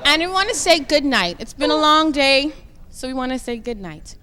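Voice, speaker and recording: A woman's voice: high-pitched, big pitch swings, moderate pace, bright, forceful tone, some chatter behind. A woman language coach teaching a lesson on a youth TV show, upbeat and prompting the audience to repeat after her.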